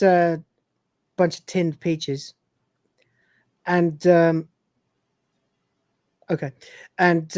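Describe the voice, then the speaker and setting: A woman's voice: lowish voice, a little mellow, no echo, clean studio sound. A woman co-hosting a livestream, recapping episodes and reading scenes aloud with laughs. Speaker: podcast co-host.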